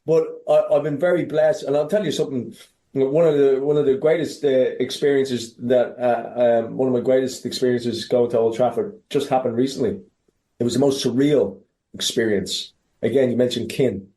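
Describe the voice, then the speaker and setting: A man with an Irish accent, a podcast guest telling stories in casual chat, animated, swearing freely and often restarting his sentences. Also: medium pitch, normal speed, reverberant. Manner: animated, profane, many restarts. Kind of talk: casual interview storytelling.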